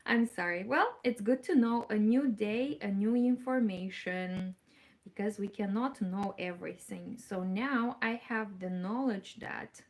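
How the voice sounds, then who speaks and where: A woman from Moldova hosting a casual knitting livestream. She chats with viewers, thinks aloud and laughs along the way. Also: medium pitch. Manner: unhurried, chatty, thinking aloud with fillers and laughs. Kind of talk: casual livestream chat, reading viewer comments.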